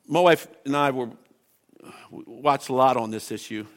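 A man's voice: mid-range voice, normal speed. A man preaching a sermon as pastor, impassioned and emphatic, reading scripture and pressing his points.

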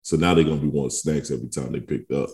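A man in his thirties co-hosting a podcast in relaxed casual chat, laughing often and telling stories about his kids. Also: rumbling low, racing. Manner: laid-back, laughs often, tells stories with kid voices. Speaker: podcast co-host.

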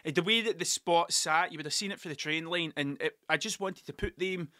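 Sweary, rambling man with bright voice. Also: fairly high pitch, a little fast, no echo, studio quality. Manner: sweary, rambling, self-mocking. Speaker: podcast host. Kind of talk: casual storytelling monologue. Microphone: desk mic.

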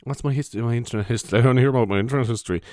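A man's voice: medium pitch, racing, a little mellow, no room sound, clean studio sound. A young man with a Cork Irish accent, chatting casually to camera, rambling, swearing often and laughing at himself. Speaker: vlogger. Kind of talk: casual rambling vlog chat.

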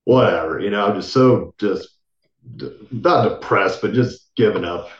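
A man, a military veteran, telling a long personal story in a casual podcast interview, acting out what others said and often trailing off quietly. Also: fairly low pitch, moderate pace, roomy sound, muffled recording. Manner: casual, acts out quoted voices, trails off softly.

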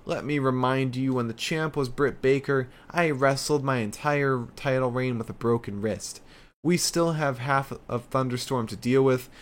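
A man voicing a brash, boastful female wrestler who taunts a crowd, speaking high and mocking. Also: moderate pace, natural voice. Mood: taunting.

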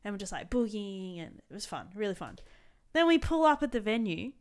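A young woman tells her story in a loose, chatty way. She swears freely and shifts her voice to act out other people. It is a relaxed podcast conversation. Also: mid-range voice, brisk, clear, resonant tone. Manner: lively storyteller, swears, mimics her dad. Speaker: podcast guest. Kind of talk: casual chat, storytelling.

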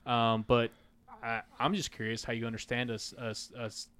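A man's voice: medium pitch, little pitch movement, normal speed, a crowd in the background. A man from Oklahoma with a drawl, co-hosting a casual podcast with crude, easygoing jokes. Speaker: podcast co-host.

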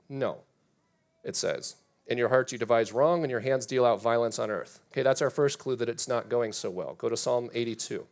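Pastor, male, mid-range voice; preaches with animated emphasis, reads passages aloud. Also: mid-range voice, a little fast. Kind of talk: sermon.

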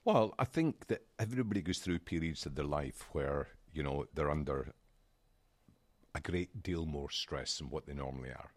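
A man's voice: extremely low pitch, expressive, moderate pace, no echo. A Scottish man co-hosting a podcast, chatting in a playful, joking way. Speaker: podcast co-host. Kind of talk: casual chat.

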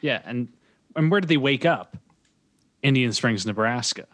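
A man's voice: medium pitch, moderate pace, dry recording. A man co-hosting a podcast, recapping a movie in casual chat with frequent chuckles. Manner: animated recapping, chuckles often. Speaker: podcast co-host.

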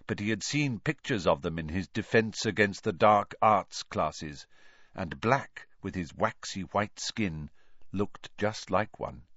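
A man's voice: deep voice, a bit bright, dry recording. A man narrating a story aloud as an audiobook reader, on a dull lo-fi recording. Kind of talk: scripted narration.

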